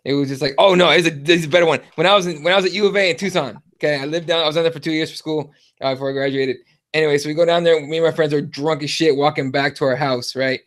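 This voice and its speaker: A man's voice: fairly high pitch, steady tone, rapid-fire, a bit bright. A man in his thirties hosting a podcast, telling a rambling story full of fillers and swearing. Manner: profane, rambling, lots of fillers. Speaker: podcast host. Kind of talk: casual chat, storytelling.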